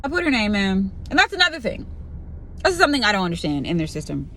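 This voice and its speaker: A woman's voice: mid-range voice, quick pace, a little hiss or hum. A young woman venting profanely about her new pharmacy technician job, in a rant-style vlog. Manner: profane, exasperated, animated retelling with quoted voices. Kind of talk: ranting storytime vlog.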